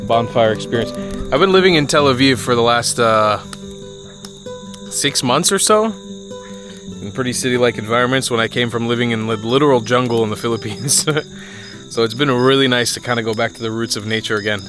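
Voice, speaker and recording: A man's voice: medium pitch, a little fast, a bit bright. Chatty young man vlogging outdoors over music. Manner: chatty and candid, swears casually. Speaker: travel vlogger. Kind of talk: casual travel vlog talk. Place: outdoors in countryside by a spring. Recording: music playing underneath the voice.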